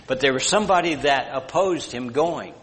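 A man's voice: medium pitch, lively intonation, normal speed, fairly bright tone. A man preaching a sermon in a folksy, rambling way, telling a story with many asides. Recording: long hall reverb.

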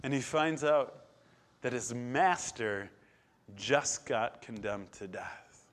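A man preaching a sermon, retelling scripture with dramatic swings from loud declarations to hushed, quiet passages. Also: medium pitch, slow.

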